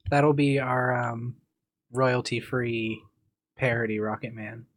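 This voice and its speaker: A man of middle pitch co-hosting a podcast, chatting loosely and joking with his friend. He tells funny stories, breaks into bits of song and admits he shifts around a lot. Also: steady tone, slow, no echo. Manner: joking, sings song snippets, restless. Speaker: podcast co-host. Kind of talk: casual chat.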